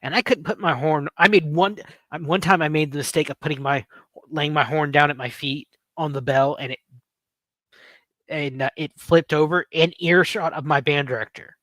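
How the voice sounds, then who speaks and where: A man's voice: on the high side, fairly even intonation, moderate pace, fairly bright tone, no echo. A man in his late thirties hosting a livestream, telling rambling stories and joking with his chat. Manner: rambling, storytelling, playful with chat. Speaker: livestream host. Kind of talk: casual livestream chat with viewers.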